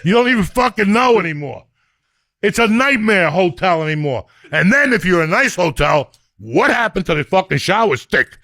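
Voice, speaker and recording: A middle-aged man, telling crude comic stories in a loud, profane, animated way. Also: high voice, normal speed, no echo, studio quality. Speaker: comedian and podcast host.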